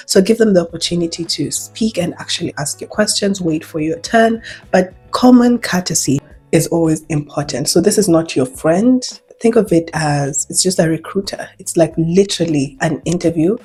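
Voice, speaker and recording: A woman with a lowish, husky voice speaks casually and directly to her viewers. She gives practical interview advice step by step, with soft music playing under her. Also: normal speed. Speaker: vlogger giving job interview advice. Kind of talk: casual advice talk to camera.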